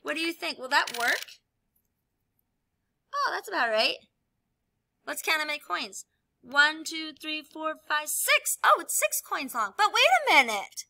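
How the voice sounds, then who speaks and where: A woman teacher explaining a lesson while she demonstrates with objects, upbeat and clear. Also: high voice, very animated, measured pace, pauses often, bright, forceful tone. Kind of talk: classroom video lesson.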